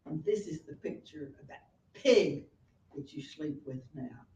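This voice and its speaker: A woman's voice: low voice, animated, unhurried. A woman teacher voicing an anguished, furious young prince in a class reading, her voice coming from a distance in a roomy room. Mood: accusing. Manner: pleading, accusing, rising to shouts.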